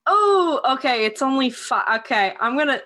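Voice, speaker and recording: A woman's voice: high voice, very animated, moderate pace, pushed and bright. A woman playing a tabletop game, giggling and teasing the others. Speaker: player. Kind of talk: casual tabletop play.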